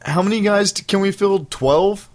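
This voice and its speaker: A man's voice: high-pitched, normal speed, a little mellow. A man co-hosting a casual podcast with his roommates, ranting in a profane, riled-up way. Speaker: podcast co-host. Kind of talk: casual banter among roommates.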